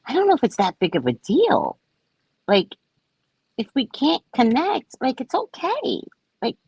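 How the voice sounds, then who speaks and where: A woman with a husky voice, close to the mic in a dry space, tells a personal story in casual talk. Her pitch swings widely as she acts out each side of the dialogue. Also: no room sound. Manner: animated, acts out both sides of dialogue. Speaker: podcast host.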